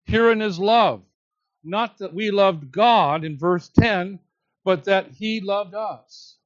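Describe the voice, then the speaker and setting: Slow, high-voiced preaching man. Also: dry recording. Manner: slow, emphatic preaching with drawn-out key words. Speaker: pastor. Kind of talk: expository sermon. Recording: slightly dull, lo-fi sound.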